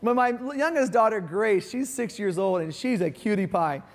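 High-voiced pastor in a reverberant church. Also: male voice, animated, normal speed. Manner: folksy and playful, acts out his daughters' voices. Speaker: guest pastor. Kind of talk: sermon. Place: church sanctuary. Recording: long hall reverb.

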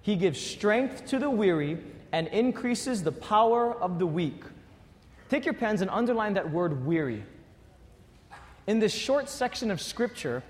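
A man preaching a sermon to his congregation, shifting from quiet, earnest appeals to animated storytelling. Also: high voice. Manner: animated storytelling with acted quotes. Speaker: pastor. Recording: long hall reverb.

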